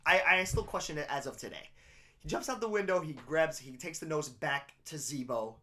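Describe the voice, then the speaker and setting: A man's voice: fairly high pitch, a little fast. A young man co-hosting a casual podcast, retelling a TV episode with lots of swearing and laughter. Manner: animated storytelling, frequent swearing and laughter. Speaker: podcast co-host.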